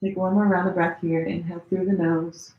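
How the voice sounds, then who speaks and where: A woman teaching a gentle yoga class, giving relaxed, chatty cues with many fillers while she demonstrates the poses, a little strained as she holds them. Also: lowish voice, a little fast, narrow, tinny audio. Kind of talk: live-streamed yoga class instruction. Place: room at home. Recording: echoey room.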